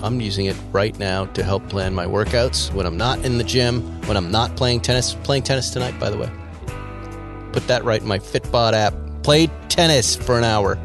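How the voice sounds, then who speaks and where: A man's voice: lowish voice, normal speed, over music. A man hosting a podcast, teasing and laughing, who also reads ads in a casual way. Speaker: podcast host. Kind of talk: casual chat and ad read.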